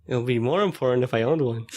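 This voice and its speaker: A man's voice: medium pitch, a little mellow. Chatty laughing man. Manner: laughs often, rambling with many fillers. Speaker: podcast co-host. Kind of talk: casual chat.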